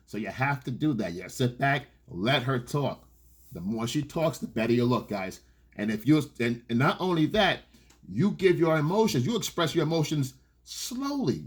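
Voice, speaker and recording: A man's voice: on the high side, husky. A man giving blunt, profane dating advice in an unscripted coaching monologue, repeating his points and acting out quoted lines.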